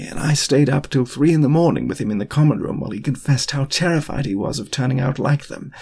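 A man's voice: medium pitch, gravelly, darkish tone, husky, pitched above the performer's own voice. A man voicing an earnest, desperate grown wizard in an audiobook reading, speaking with urgent, pleading questions.

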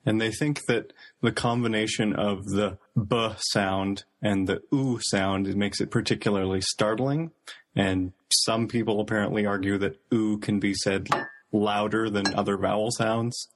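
Low-voiced man sharing trivia hesitantly. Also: steady tone, a little slow. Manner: hesitant, filler-heavy trivia telling. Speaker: podcast co-host. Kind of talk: casual chat.

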